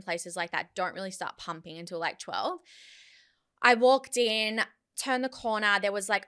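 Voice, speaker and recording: Bright-voiced Australian woman telling a story. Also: medium pitch, clear, resonant tone. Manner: animated, indignant storytelling. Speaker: podcast co-host. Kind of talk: casual chat, storytelling.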